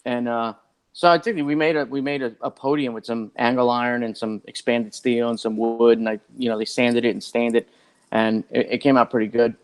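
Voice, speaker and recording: A man who is a podcast guest, telling a long story in a rambling, animated way and acting out what other people said. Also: medium pitch, fairly quick, smooth. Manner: rambling and animated, acts out others' lines, many "like" fillers. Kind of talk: casual storytelling.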